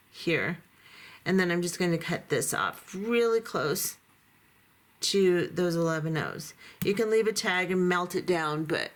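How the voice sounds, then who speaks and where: Female craft instructor, lowish voice going hoarse, steady and methodical step-by-step delivery. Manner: calm, methodical, talks through each step while working. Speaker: beading instructor.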